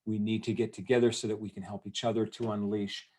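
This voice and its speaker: A man hosting an online event, giving an energetic motivational talk over a video call and asking his audience questions. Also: lowish voice, fast. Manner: energetic, rallying, asks the audience questions, many fillers. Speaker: event host.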